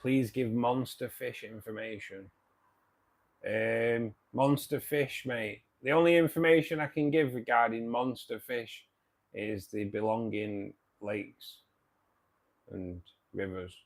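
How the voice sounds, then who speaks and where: A man hosting a casual live stream, greeting viewers by name and chatting loosely, his sentences often trailing off softer at the end. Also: medium pitch, fairly even intonation, slow. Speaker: livestream host. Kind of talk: casual live chat reading viewer comments.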